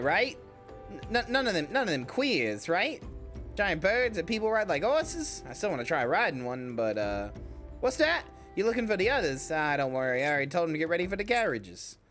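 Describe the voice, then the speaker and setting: A woman's voice: mid-range voice, a bit bright, voice pushed up. A woman voicing an eager young boy in a raised voice with a put-on Southern US accent, with game music behind.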